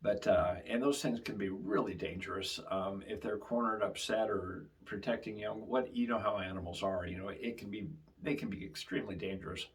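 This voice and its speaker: A man's voice: on the low side, steady tone, normal speed, few pauses. A man hosting his channel, telling a casual story in a rambling way with frequent fillers. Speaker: channel host.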